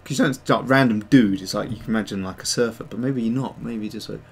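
Husky and lowish, his voice moves at a quick pace as he runs a digital sculpting stream. He rambles in a relaxed way, reads the chat out loud, and mocks himself.

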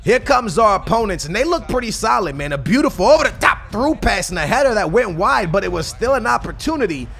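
A young man giving slangy, excitable commentary over a football video game, swinging between hype and grumbling. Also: high-pitched, brisk, gravelly, few pauses, soft background music. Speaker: gaming YouTuber. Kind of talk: gameplay commentary.

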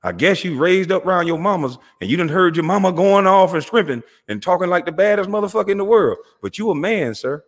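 This channel host has a high, expressive male voice and speaks fast with hardly any pauses. In street slang, he launches into a heated, confrontational rant, mocking listeners and calling them out with repeated lines.

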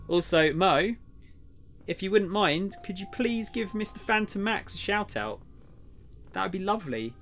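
A young man streaming a game live, chatting with viewers and muttering to himself through puzzles. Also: medium pitch. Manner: chatty, greets viewers, drops to a quiet mutter while solving puzzles. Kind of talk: casual live-stream chat while gaming.

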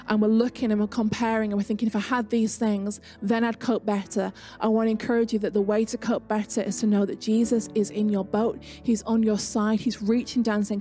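A woman's voice: medium pitch, level tone, normal speed, mellow, soft background music. A woman with an English accent preaching an online sermon in a chatty, conversational way, mixing personal stories with scripture. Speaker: pastor.

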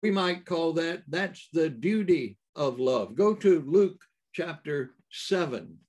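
A man preaching a sermon in a halting way, with many fillers and restarts and emphatic rises. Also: on the high side, animated, a little mellow.

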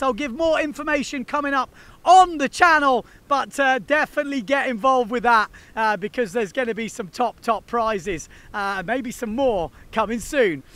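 A man's voice: extremely high pitch, sharp tone. A man hosting a windsurfing video, chatting casually and enthusiastically to the camera in slangy talk.

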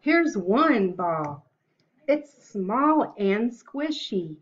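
Slow, cheerful preschool teacher woman. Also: on the high side, big pitch swings, muffled recording. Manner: slow, cheerful, sing-song praise for young children. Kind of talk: online preschool lesson.

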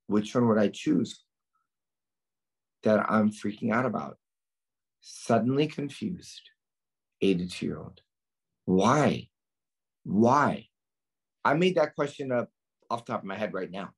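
A man's voice: on the low side, expressive, unhurried, pauses often, husky. A man tutoring nursing students, drilling them in a lecture style with questions he asks and answers himself.

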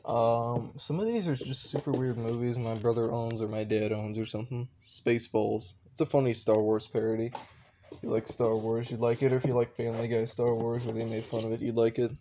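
A young man rambles offhand at home, shrugging off half his own remarks with little asides. His voice sits at an ordinary middle pitch. A steady hiss and handling clicks run under the recording. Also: a little fast. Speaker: vlogger. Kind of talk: casual offhand commentary. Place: home room with shelves.

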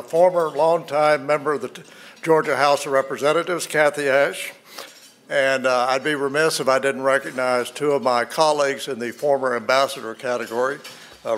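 A man, a former ambassador, giving formal introductions at a luncheon in a measured way with frequent fillers. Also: medium pitch, fairly bright tone.

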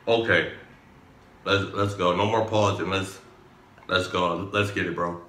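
Excitable slangy man reacting to music. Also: deep voice, slow, pauses often. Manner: excitable, slangy, repeats exclamations. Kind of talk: casual reaction commentary. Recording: echoey room with music playing. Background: song playing in background.

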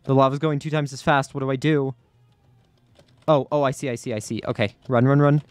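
A man's voice: mid-range voice, fairly even intonation, brisk, no echo, faint music behind. A man giving live commentary over his own gameplay, anxious and repeating himself under pressure. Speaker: gaming YouTuber.

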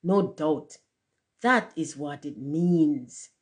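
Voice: mid-range voice, very slow. A reader voicing a pompous, conceited firework rocket in a storybook reading, with grand, haughty declarations.

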